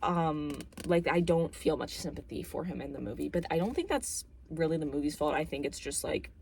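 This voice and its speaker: A woman's voice: low-pitched, animated, brisk, gravelly, a little mellow, slight background noise. A young woman vlogging, chatting casually about a film and book, rambling with lots of fillers and jokey asides.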